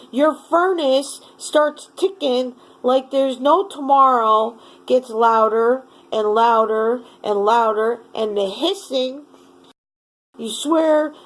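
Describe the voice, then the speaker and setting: A woman's voice: sits high, rough recording. A woman at home ranting furiously in a vlog, swearing constantly. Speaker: vlogger. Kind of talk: angry rant to camera.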